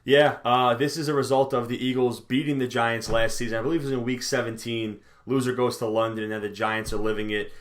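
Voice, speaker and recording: A man co-hosting a casual sports talk show, relaxed and joking, often repeating his phrases. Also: medium pitch, fairly quick, hardly any pauses. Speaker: co-host.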